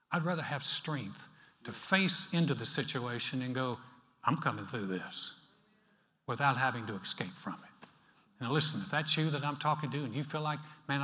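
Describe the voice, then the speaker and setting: Bright-voiced preaching man in a hall. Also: mid-range voice. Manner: conversational, animated preaching with asides. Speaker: pastor. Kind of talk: sermon. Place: church. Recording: reverberant hall.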